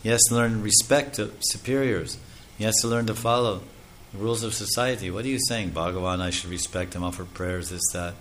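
A man's voice: on the low side, a little fast, a bit bright, slight background noise, lightly acted. A man playing a doting elderly father who brushes off unwanted advice in a fond, dismissive tone.

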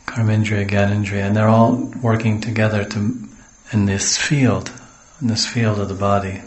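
Man, low voice, spiritual teacher, storytelling sermon, homely asides, echoey room. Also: level tone, moderate pace. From the West. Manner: digressive, homely asides, acts out quotes.

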